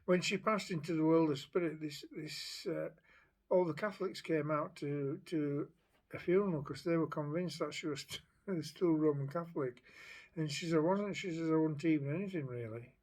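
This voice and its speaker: A man's voice: on the high side, fairly even intonation, moderate pace. A man working as a psychic medium, relaying a spirit's story in a chatty, hesitant way, with many restarts. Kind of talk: spirit message monologue.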